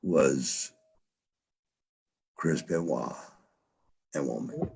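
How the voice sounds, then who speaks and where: A man's voice: extremely low pitch, drawn-out words, vocal fry, a little mellow, breathy edge. A man telling a story as a podcast guest, stammering, repeating himself and swearing often. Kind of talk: casual storytelling.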